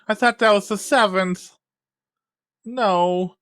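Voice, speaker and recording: High bright-voiced woman streamer, slow. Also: no room sound, studio quality. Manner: swearing, groaning and cheering at the game. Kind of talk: live gameplay commentary.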